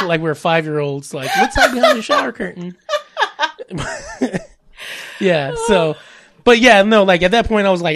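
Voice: medium pitch, a little hiss or hum. A podcast host telling a story in casual chat, laughing often and acting out what they said. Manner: animated, laughs often, acts out quotes.

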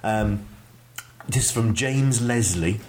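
A man's voice: on the low side, takes it slowly, darkish tone, a little hiss or hum. A man co-hosting a casual podcast, chatty and self-deprecating, laughing often. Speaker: podcast co-host. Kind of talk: casual chat.

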